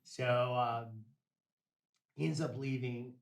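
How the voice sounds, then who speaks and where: A man's voice: medium pitch, fairly even intonation, slow pace, creaky. A man, a podcast guest, telling a story in a casual, rambling, profane way with streetwise slang. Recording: roomy, distant mic.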